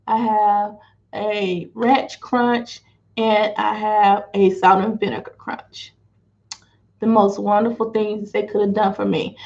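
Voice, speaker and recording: A woman talking casually to camera, chatty and unhurried as she walks through her daily meal plan. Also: medium pitch, darkish tone. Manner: chatty, unhurried, showing food items to camera. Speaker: financial wellness coach sharing diet vlog. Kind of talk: casual chat. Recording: dull lo-fi home video audio.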